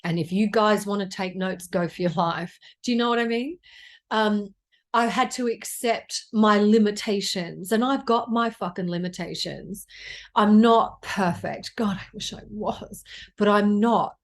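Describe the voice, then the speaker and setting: A middle-aged woman from Australia talks through an oracle card reading in a loose, chatty monologue. She is blunt and swears freely, and her voice sits at an ordinary middle pitch. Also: measured pace. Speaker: astrologer and psychic reader.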